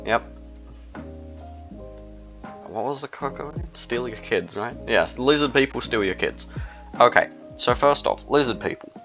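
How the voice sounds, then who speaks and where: A man's voice: medium pitch, animated, unhurried, pauses often, bright, forceful tone, faint music behind. A young man in a casual, rambling monologue, full of fillers and slang. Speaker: solo video creator. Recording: dull lo-fi recording.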